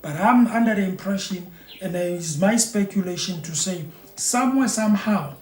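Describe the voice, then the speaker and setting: A man's voice: high voice, normal speed, darkish tone. A South African man giving opinionated commentary as a vlogger, emphatic and repeating phrases for emphasis. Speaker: vlogger reacting to news. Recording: roomy echo.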